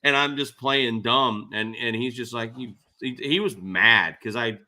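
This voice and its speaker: A man appearing as a guest on a casual podcast, telling animated anecdotes and laughing often. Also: mid-range voice, unhurried. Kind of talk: casual storytelling.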